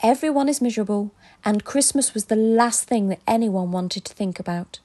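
Woman storyteller, children's tale narration, gentle and expressive. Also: a little high, normal speed.

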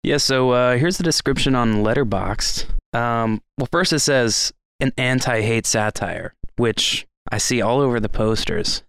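A man's voice: medium pitch, unhurried, hardly any pauses, a bit bright, clean tone, no echo. A man co-hosting a film podcast, talking through a movie in an easygoing, friendly way. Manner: easygoing, reads descriptions aloud, friendly. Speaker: podcast co-host. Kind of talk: casual film review chat.

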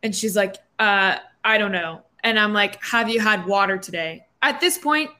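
Young woman, casual chat, animated storytelling, many fillers, mid pitch. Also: normal speed.

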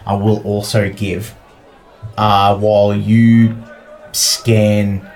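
Low-ish guy dm'ing a tabletop game, rambly narration, bit of hiss behind. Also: level tone, very slow, darkish tone. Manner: loose, rambling narration full of fillers. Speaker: dungeon master.

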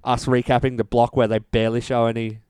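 A man talking casually as a podcast co-host, offering wandering opinions with dry wit. His voice is smooth and resonant, miked close in a dead, dry space. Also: medium pitch, flat delivery, fast talker, darkish tone, dry recording. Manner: dry, wry humour, rambling opinions. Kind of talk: casual chat.

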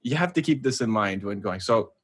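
A man's voice: on the low side, expressive, brisk, slightly rough. A young Canadian man co-hosting a podcast, telling jokey, rambling stories in casual chat. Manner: chatty, jokey, rambling storyteller. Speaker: podcast co-host.

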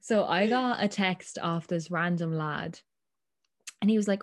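A woman's voice: lowish voice, moderate pace. A young woman with an Irish accent, chatting casually and acting out quoted exchanges as she tells a story. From Ireland. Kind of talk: casual chat.

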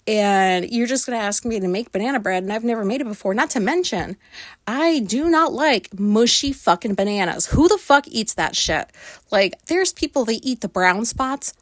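A woman's voice: fairly high pitch, expressive, moderate pace, no room sound. A woman vlogger telling a personal story in a candid, rambling way, swearing often. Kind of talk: casual storytelling monologue.

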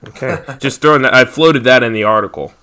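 A man's voice: medium pitch, fairly quick, pushed and bright. An American man co-hosting a podcast in casual chat, with lots of ums and fillers. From United States. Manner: chatty, lots of ums and likes. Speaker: podcast co-host.

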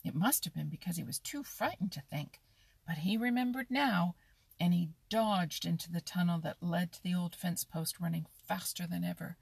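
Woman, storybook narrator, slow, husky, gravelly, dry close mic. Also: on the low side, dry recording. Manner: expressive, slow, lively storytelling. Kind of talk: storybook reading.

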